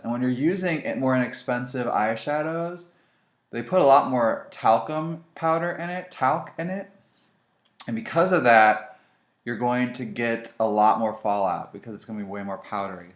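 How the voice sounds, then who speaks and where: A man hosting a casual makeup tutorial, chatty and animated, talking straight to his viewers as he demonstrates. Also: medium pitch, normal speed.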